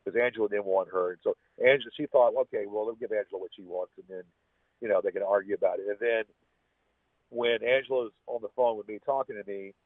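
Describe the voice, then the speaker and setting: A man with a husky voice, a podcast guest telling a personal story in a rambling way, restarting his sentences often. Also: lowish voice, fast talker, no echo. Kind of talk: casual storytelling. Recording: tinny, phone-like dry sound.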